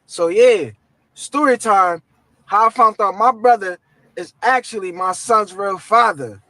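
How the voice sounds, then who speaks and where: A man with a strikingly high voice spins a story in loose, slangy street talk. He gets animated and acts out every quote along the way. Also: unhurried, dry recording, rough recording. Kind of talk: casual storytime.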